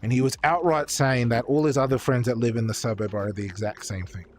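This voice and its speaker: A man's voice: mid-range voice, fairly even intonation, brisk, a little hiss or hum. A man chatting casually on a livestream, rambling and swearing freely, with lots of fillers and restarts. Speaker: streamer. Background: faint background beats.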